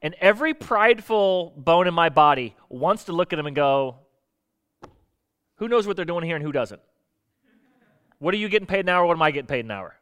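A man preaching a sermon in a conversational, lively way, explaining Bible verses with everyday stories and acting out the voices he quotes. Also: fairly high pitch, a little fast, pauses often, clear, resonant tone.

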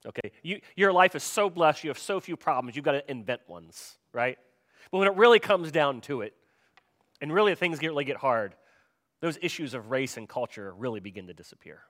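A male pastor preaching with a pitch a little above the usual. His delivery is chatty and informal, and he keeps checking in with his listeners as he goes. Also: lively intonation, fairly quick, fairly bright tone. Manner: conversational, asks the congregation questions. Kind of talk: sermon.

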